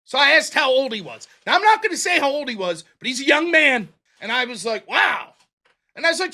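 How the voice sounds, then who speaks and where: A man's voice: extremely high pitch, big pitch swings, brisk, pushed and bright. A man hosting a livestream show, telling a story casually, acting out both sides of the dialogue in a profane, self-mocking way.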